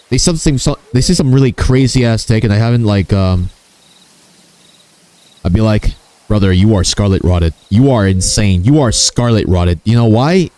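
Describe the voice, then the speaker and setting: A man's voice: medium pitch, dark tone, smooth. A man chatting casually on his gaming stream, joking crudely and swearing freely. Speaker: VTuber streamer.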